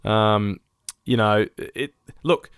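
A man's voice: on the low side, very slow, clear, resonant tone, no room sound, studio quality. A man co-hosting a podcast in casual chat, ranting and swearing freely, often laughing mid-sentence. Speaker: podcast co-host.

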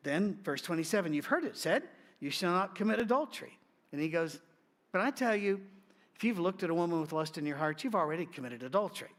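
A middle-aged man preaches, sitting high in his voice. He talks to his flock like a conversation, shooting up for emphasis and dropping to a hush. The delivery is loose and unscripted. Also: expressive, fast talker. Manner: conversational preaching with wide swings in pitch and loudness. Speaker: pastor. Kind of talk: sermon.

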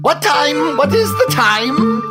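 A man voicing a skittish, excitable male cave creature with clawed hands, speaking in broken, repeated words. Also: takes it slowly, heavily acted. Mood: confused. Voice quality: shrill, broken stammering speech. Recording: loud music underneath.

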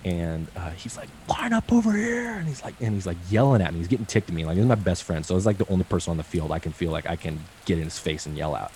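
A man's voice: deep voice, very fast, few pauses, mellow. A man in his late twenties telling stories in a rambling casual chat, full of "like.". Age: 20s. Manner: rambling, many "like"s. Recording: noisy rain in background.

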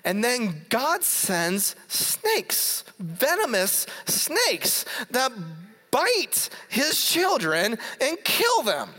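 A preacher giving a sermon to a congregation, reading scripture and then retelling it in a playful, animated way. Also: mid-range voice, extremely slow. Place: church hall before a congregation. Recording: long hall reverb.

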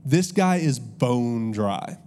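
A man's voice: mid-range voice, lively intonation, takes it slowly, darkish tone. A man preaching a sermon as pastor, telling stories with casual asides to the congregation. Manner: conversational storytelling, audience asides.

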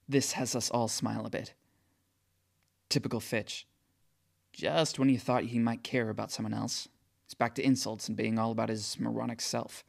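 A man's voice: medium pitch, flat delivery, normal speed, creaky. A man reading first-person audiobook narration with emotional, tearful outbursts.

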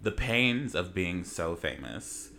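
Theatrical young man with wild pitch swings. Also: very animated, slow, creaky, pushed and bright. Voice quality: gossipy, theatrical, swings into high mocking voices. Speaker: podcast co-host, YouTuber. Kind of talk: casual chat.

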